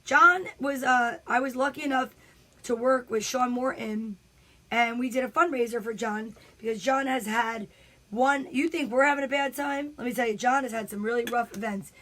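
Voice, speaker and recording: A woman comedian telling a story at home, animated and chatty with frequent asides. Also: a little high, moderate pace. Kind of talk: casual storytelling livestream.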